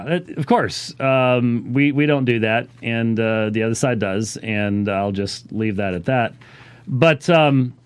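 Male pastor, mid pitch, casual teaching delivery with frequent "uh"s and restarts, close dry recording. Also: no echo. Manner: halting, many fillers and restarts. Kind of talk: casual spoken Bible teaching.

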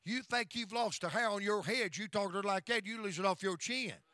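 A man's voice: high voice, a little fast, bright, forceful tone, dry recording. A middle-aged male pastor telling stories in a sermon, emphatic and folksy, often breaking into praise. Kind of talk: storytelling sermon.

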